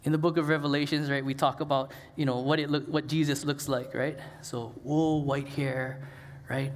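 High-voiced pastor with lilt. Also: male voice, little pitch movement, normal speed, in a large hall. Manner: conversational, storytelling with casual asides and fillers. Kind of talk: sermon. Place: church sanctuary.

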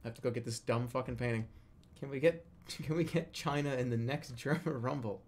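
A man streaming a video game, commenting live, often yelling, laughing and repeating phrases over and over. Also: mid-range voice, brisk. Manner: excitable, yelling and laughing a lot.

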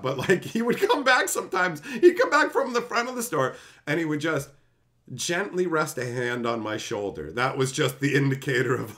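Profane, animated streamer guy. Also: mid-range voice, normal speed. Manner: profane, ranting, animated, laughs often. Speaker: streamer hosting a live stream. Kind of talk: casual storytelling on a live stream.

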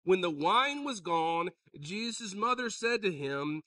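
A pastor preaching a sermon, joking with the congregation and calling out to them. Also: male voice, sits high, slow, hardly any pauses, no echo, distant mic. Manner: joking, animated, calls out to the congregation.

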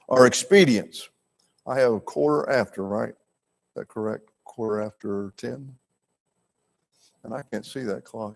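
A man's voice: lowish voice, creaky, darkish tone, slightly rough. An older man teaching a church Bible class in an earnest, folksy way, with asides to his listeners.

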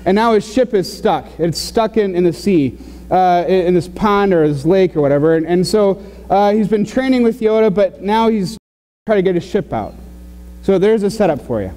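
A fairly high-voiced man preaching in a warm, mellow tone, talking loosely and stumbling over his words with plenty of "uh"s. His voice rings out in a church sanctuary with a long reverb tail. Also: animated. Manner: conversational, halting with many fillers and restarts. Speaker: pastor. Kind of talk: sermon.

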